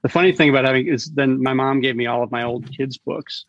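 Man, middle-aged, gravelly voice, dry close sound, dull lo-fi audio, chatty storyteller. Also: mid-range voice, fairly even intonation, no room sound. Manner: chatty storyteller, laughs often, quick asides. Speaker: author guest. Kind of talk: casual interview chat.

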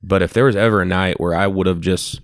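A young man in his twenties casually telling a profane, animated story on a podcast. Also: low voice, fast talker, no room sound, clean studio sound.

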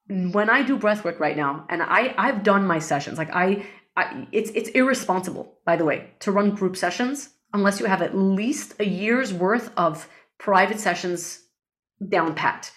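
A woman being interviewed as a guest, telling a personal story in an earnest, animated way. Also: lowish voice.

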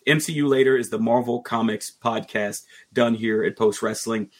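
Husky-voiced male podcast host. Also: mid-range voice, normal speed. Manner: relaxed, rambling, light joking. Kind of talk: casual podcast chat.

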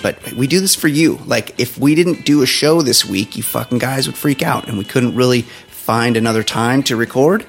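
A man's voice: mid-range voice, normal speed, gravelly, few pauses, soft background music. A man hosting a casual comedy podcast, joking crudely and swearing, in his morning voice. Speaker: podcast host. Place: home studio.

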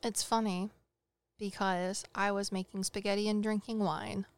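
A woman who is a psychic medium co-hosts a chat show, telling a story full of jokes and acting out the dialogue in quotes in an animated way. She speaks at a moderate pace with a medium-pitched voice.

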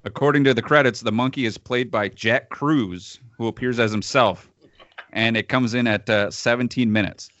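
A man co-hosts a casual talk show, sardonic and quick to chuckle. His tone is bright and cutting, heard dry and close. The recording is a little dull and lo-fi. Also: mid-range voice, no room sound. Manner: laughs between phrases, sardonic. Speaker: podcast co-host reviewing films. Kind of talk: casual chat.

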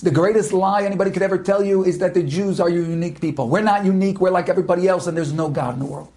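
A man telling an inspirational story with dramatic delivery, swinging between loud impassioned shouting and hushed near whispers. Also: high voice, very fast.

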